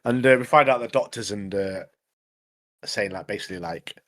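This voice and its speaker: A man's voice: on the low side, fairly quick, fairly bright tone. A man co-hosting a podcast, recapping in rambling casual chat full of fillers. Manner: rambling recap, many fillers like obviously and mate. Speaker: podcast co-host.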